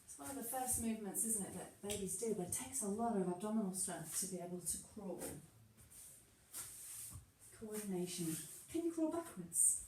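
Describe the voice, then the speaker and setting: A woman's voice: mid-range voice, lively intonation, moderate pace, warm tone, slight background noise. A woman instructor guiding a movement class, encouraging and playful, often laughing through the moves. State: a little out of breath. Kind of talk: guided exercise class instruction. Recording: echoey room, mic far off.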